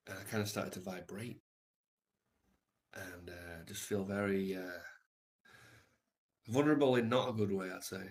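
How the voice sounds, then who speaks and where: Low-voiced man musing on a livestream. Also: fairly bright tone. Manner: reflective, swears casually, many fillers. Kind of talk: casual rambling monologue.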